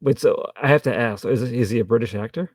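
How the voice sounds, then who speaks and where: A man co-hosting a casual film review podcast, making dry, deadpan jokes. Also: mid-range voice, fast, no echo. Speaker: podcast co-host.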